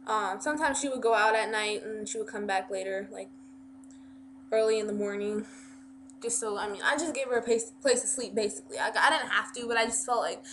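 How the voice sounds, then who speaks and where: A woman's voice: fairly high pitch, noisy background. A woman vlogger telling a story casually, rambling with plenty of fillers and restarts.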